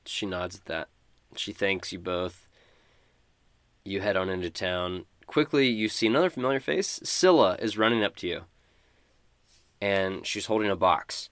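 A man's voice: low-pitched, lively intonation, a little slow, long pauses, fairly bright tone, smooth, dry recording. A man narrates a tabletop game as its game master, easygoing and conversational. His voice sits dry and close, with no room sound around it.

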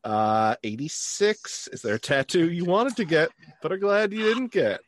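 Man, podcast host, casual interview, upbeat, chuckling, lively pitch, dry close sound. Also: moderate pace, no echo. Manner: upbeat, chuckling, reads numbered questions.

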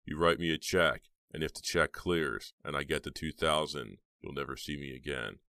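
Man playing cold menacing young blackmailer, very deep voice, slow and sneering, dry close sound. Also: vocal fry, sharp tone, no echo, full character voice.

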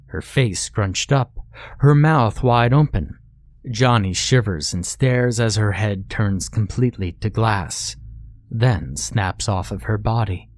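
A man narrating a horror story in a slow, grim, dramatic way. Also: lowish voice, darkish tone, no room sound.

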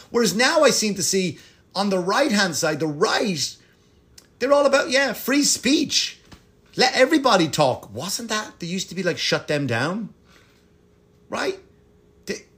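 A man's voice: high voice, fairly bright tone, husky. A male comedian ranting in a casual monologue, rambling and swearing with many restarts. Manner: rambling, profane, lots of restarts and fillers.

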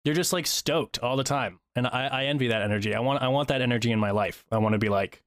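A man co-hosting a podcast in casual chat, animated, with sudden excited high-pitched bursts. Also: fast talker, few pauses, dry recording, studio quality. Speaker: podcast co-host.

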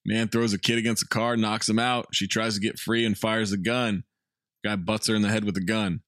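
A man's voice: lowish voice, brisk, dry recording. Man, podcast co-host, wry plot recap, dry close-mic sound. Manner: narrates plot in a flat, wry tone with swearing. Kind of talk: casual comedic movie recap.

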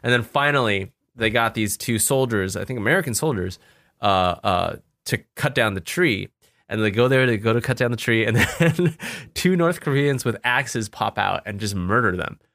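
A man co-hosting a casual podcast, telling stories excitedly, swearing freely and laughing often. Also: medium pitch, normal speed, creaky, no echo, clean studio sound. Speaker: podcast co-host.

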